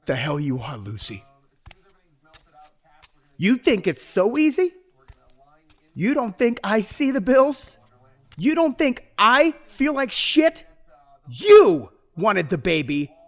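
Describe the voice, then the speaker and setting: An actor playing a troubled male prisoner who swings between angry outbursts and regretful narration, with a slightly husky voice. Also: high voice, huge pitch swings, takes it slowly, long pauses, dry recording, exaggerated voice. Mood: volatile. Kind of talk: audio drama with first-person narration.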